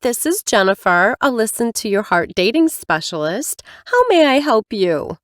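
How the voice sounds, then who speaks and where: A woman's voice: on the high side, expressive, dry recording, studio quality, pitched above the performer's own voice, natural voice. A woman narrator voicing a courteous dating agency staffer answering the phone. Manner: courteous, brisk phone manner.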